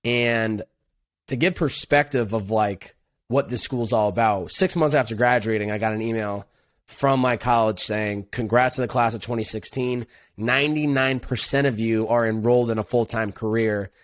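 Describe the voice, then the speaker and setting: Young man, podcast guest, earnest, reflective, casual slang, middle pitch, dry close sound. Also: moderate pace, no echo. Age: young adult. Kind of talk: casual interview conversation.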